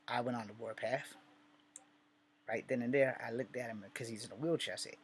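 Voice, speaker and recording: A man from Virginia rambles through personal stories in a candid, swear-heavy way. His voice sits at an ordinary pitch. Faint noise hums behind him. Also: steady tone, a little fast, long pauses. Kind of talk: casual storytelling vlog.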